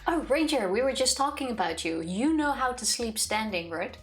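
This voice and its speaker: A woman's voice: a little high, lively intonation, moderate pace. A woman co-hosting a live game stream, chatting casually and thanking viewers with frequent giggles. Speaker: streamer co-host.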